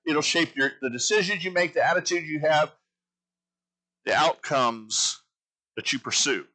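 Earnest bright-voiced male preacher. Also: on the high side, measured pace, poor audio. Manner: earnest, repeats phrases for emphasis. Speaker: pastor. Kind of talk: sermon teaching.

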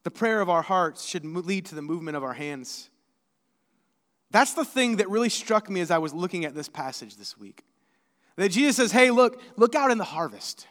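A male pastor preaching a sermon in a church, talking conversationally and moving between hushed and emphatic delivery. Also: high voice, lively intonation, normal speed. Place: church sanctuary. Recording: long reverb of a church sanctuary.

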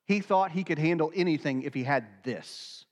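Pastor, man, sermon delivery, earnest, high voice, long hall reverb. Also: normal speed. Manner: earnest, acts out quoted dialogue.

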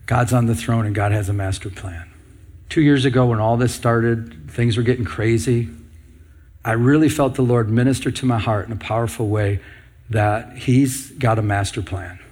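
A man's voice: medium pitch, fairly even intonation, moderate pace, darkish tone, husky. A man preaching a sermon as a pastor, earnest and repetitive, asking the congregation rhetorical questions.

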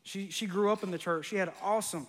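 A man's voice: sits high, steady tone, fast talker, a bit bright, in a large hall. A man preaching a sermon, conversational and joking, with bursts of emphasis. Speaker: pastor.

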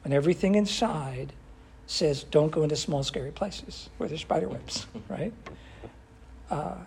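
A man's voice: a little high, measured pace, vocal fry, darkish tone, slight background noise. An older man teaching a Bible study in an earnest, emphatic way, often asking his class questions.

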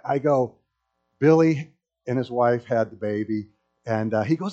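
Speaking at a normal speed in a medium pitch, a middle-aged pastor preaches to his congregation, animatedly weaving humorous stories into the sermon. The audio is dull and lo-fi.

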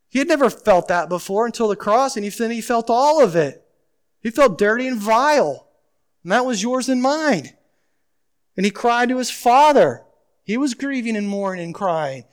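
A pastor with a very high-pitched, clean-toned voice preaches a sermon emphatically. He asks the congregation questions and swings between loud urgency and quiet pleading.

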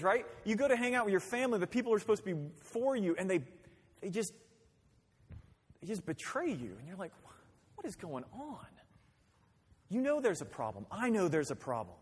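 Man, pastor, conversational sermon, acted-out quotes, rhetorical questions, husky voice. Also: high voice. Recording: long hall reverb.

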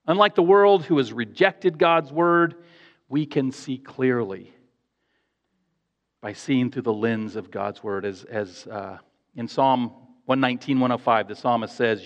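A man's voice: mid-range voice, a little slow, fairly bright tone. A man preaching a sermon in an earnest, emphatic way, repeating phrases for stress. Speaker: pastor. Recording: echoey hall, dull lo-fi sound.

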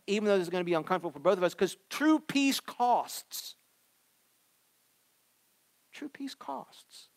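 A man in his thirties preaches a sermon with a somewhat high voice. He talks in a lively, conversational way, getting loud on key lines and then dropping to soft, quiet asides. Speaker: pastor.

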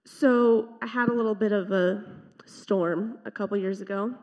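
A woman's voice: mid-range voice, fairly even intonation, normal speed, a little mellow. A teenage girl giving an earnest, reflective personal testimony at a church service. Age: teens. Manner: earnest, reflective storytelling with small laughs. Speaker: teen speaker at youth worship service. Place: church sanctuary. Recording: dull sound with long hall reverb.

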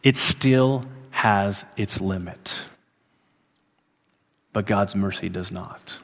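A man preaching a sermon who repeats phrases for emphasis, rising to loud emphatic peaks and dropping to hushed endings. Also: lowish voice, very slow, big-room sound. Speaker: pastor.

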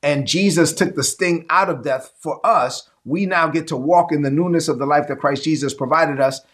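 Male preacher, kinda high voice, punchy repeated lines, livestream sermon style. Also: moderate pace, fairly bright tone. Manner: emphatic, repetitive preaching with calls for audience response. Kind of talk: livestreamed teaching to an online audience.

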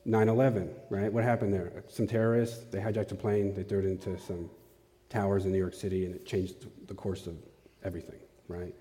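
A man's voice: lowish voice, warm tone. Man preaching in an echoing hall. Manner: casual, asks the audience questions. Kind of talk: conversational sermon. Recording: long hall reverb.

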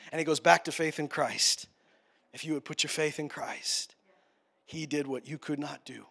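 A male pastor preaching a sermon, passionate, swinging between quiet, tender passages and loud, urgent ones. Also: fairly high pitch, fairly even intonation, moderate pace, creaky.

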